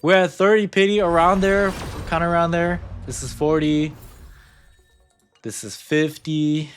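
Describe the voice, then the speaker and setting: A man's voice: a little high, fairly even intonation, unhurried, faint music behind. A man in casual gaming commentary, muttering counts and ranting in bursts of swearing. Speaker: gacha game content creator.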